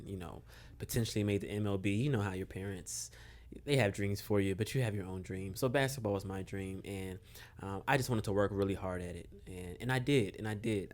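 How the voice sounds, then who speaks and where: A young man from Maryland, a guest on a podcast, telling a relaxed story with lots of fillers and chuckles. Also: on the low side. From Maryland, USA. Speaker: podcast guest, basketball coach. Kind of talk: casual storytelling interview.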